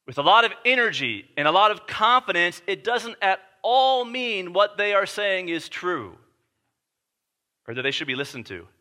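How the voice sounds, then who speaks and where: Bright-voiced man preaching a sermon. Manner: storytelling, emphatic, drops to a low hush for weighty points. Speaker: pastor.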